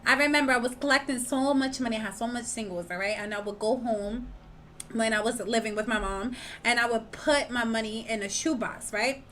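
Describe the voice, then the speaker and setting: A woman's voice: on the high side, brisk, a little hiss or hum. A young woman co-hosting a podcast, telling a story in casual chat and acting out what people said. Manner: animated storytelling, acts out quotes loudly. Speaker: podcast co-host.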